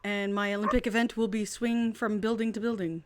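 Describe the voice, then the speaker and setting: A woman hosting her channel and playing along in an improv party game over a video call, lively and quick to laugh. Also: medium pitch. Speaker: channel host, contestant. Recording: noisy video call audio.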